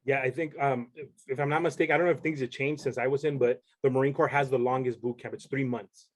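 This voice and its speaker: A man's voice: medium pitch, fairly even intonation, fast talker. A young man, a podcast guest, telling a story in casual chat and rambling with many restarts.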